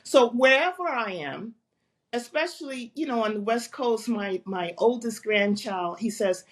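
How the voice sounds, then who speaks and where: Fitness coach in her 70s, interview guest; high-ish, emphatic, slow. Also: expressive. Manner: earnest, heartfelt, emphatic. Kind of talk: interview conversation. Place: remote video call.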